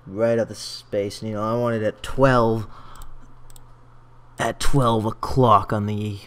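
Man doing a threatening prank caller, louder, demanding, repeats himself. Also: mid-range voice, lightly acted. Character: menacing male extortion caller. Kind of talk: prank voicemail.

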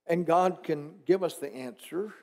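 A man's voice: a little high, unhurried, mellow. A man pastor preaching a conversational sermon in church, asking the congregation rhetorical questions and dropping teasing asides.

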